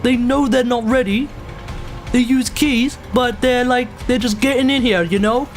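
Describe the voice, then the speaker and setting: A streamer putting on a cocky, mouthy British bloke with a Geordie accent and rough, slangy banter. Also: mid-range voice, moderate pace, soft background music, voice pushed up, natural voice. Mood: taunting. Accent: Northern English, Geordie.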